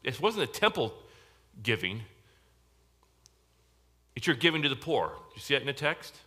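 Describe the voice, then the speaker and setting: A male pastor delivers a sermon in a church service with a bright, forceful tone. He speaks emphatically and directly, stressing his points. He keeps turning to the congregation with questions. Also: medium pitch, big pitch swings, moderate pace.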